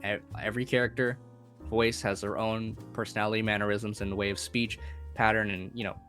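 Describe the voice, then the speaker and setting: A man's voice: on the low side, little pitch movement, a little fast, fairly bright tone, faint music behind. Rambling young man voice actor. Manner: rambling, lots of fillers, laughs often. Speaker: voice actor, podcast co-host. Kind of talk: casual chat.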